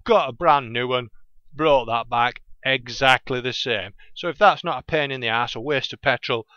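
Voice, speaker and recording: A man's voice: mid-range voice, moderate pace, pushed and bright, smooth, no room sound, dull audio. Rambling Lancashire man hosting a podcast. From England. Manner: chatty, self-interrupting, loses his train of thought. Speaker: podcast host. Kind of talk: casual rambling monologue.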